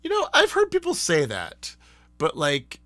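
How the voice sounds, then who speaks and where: A man hosting a live stream, chatting casually in a rambling, animated way and laughing often. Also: fairly high pitch, unhurried, no room sound, faint music behind. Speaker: streamer and host.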